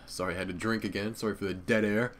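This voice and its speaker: A man's voice: lowish voice, fairly even intonation, fast talker, fairly bright tone, a little hiss or hum. A young man, a YouTuber, rambling casually and profanely about old channels, laughing often. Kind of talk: casual nostalgic commentary.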